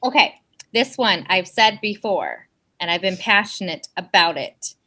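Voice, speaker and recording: A woman's voice: medium pitch, expressive, measured pace, sharp tone, low-quality recording. A woman co-hosting a podcast, talking in a passionate, sassy, emphatic way. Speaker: podcast co-host. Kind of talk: casual chat.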